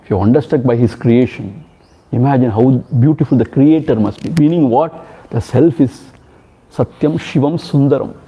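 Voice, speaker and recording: A man's voice: mid-range voice, moderate pace, warm tone, husky. A man with an Indian English accent, a swami teaching a retreat, giving a spiritual discourse with a storyteller's emphatic repetitions. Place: ashram hall. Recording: dull lo-fi sound.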